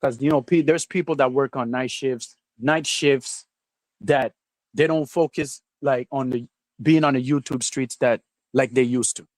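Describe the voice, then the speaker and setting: A man hosting a livestream, chatting casually in a rambling, halting way with lots of fillers and restarts, sometimes with his mouth full. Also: mid-range voice, fairly even intonation, no echo. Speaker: livestream host. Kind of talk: rambling casual stream chat.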